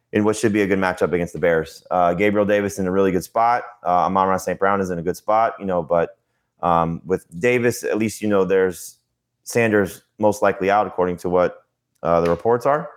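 Fast-talking deep-voiced man, rambling. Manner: quick, rambling, heavy with "you know" and restarts. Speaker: podcast co-host, fantasy analyst. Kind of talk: casual podcast talk.

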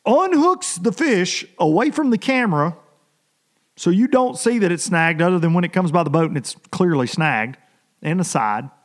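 A man hosting a fishing podcast, telling a story in an exasperated, animated, folksy way. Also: high-pitched, normal speed. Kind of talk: casual rant.

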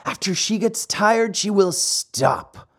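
A storybook narrator voicing a boastful runaway boy who coaxes and insists in a lively voice. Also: mid-range voice, takes it slowly, slightly rough, voice pushed up, full character voice. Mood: coaxing. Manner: coaxing and insistent.

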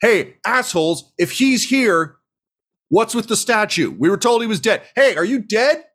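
A man voicing a tough, foul-mouthed halfling woman who runs an inn, shouting brashly in a high voice. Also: animated, normal speed.

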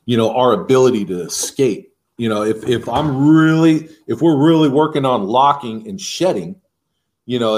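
A man chatting on a podcast about coaching linemen, with a medium-pitched voice. He breaks moves down cue by cue and restarts his sentences as he goes. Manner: explains technique step by step, restarts often. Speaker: defensive line coach. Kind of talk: casual podcast chat.

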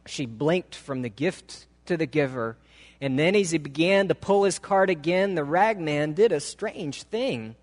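Slow, dramatic storytelling preacher. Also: male voice, on the high side, lively intonation. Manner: dramatic, slow, emotive reading. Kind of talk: sermon storytelling. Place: church sanctuary. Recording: long hall reverb.

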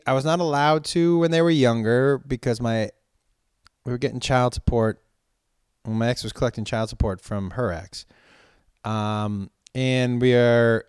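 A man's voice: medium pitch, darkish tone, smooth, no echo, studio quality. A man hosting a podcast, chatting casually through listener questions, drawing out his vowels and rambling with many restarts. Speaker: podcast host; stand-up comedian.

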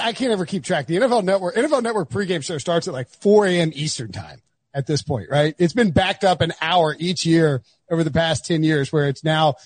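Nc guy hosting a podcast, high voice, dry sound, keeps restarting sentences. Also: breathy edge, dry recording. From North Carolina, USA. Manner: rambling, restarts a lot. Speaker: podcast host. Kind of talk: casual podcast chat.

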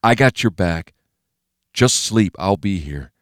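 Male reader doing a tired, placating young guy: low, soft, casual. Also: expressive, takes it slowly, no room sound, studio quality. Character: worn-out young man, loyal and careful.

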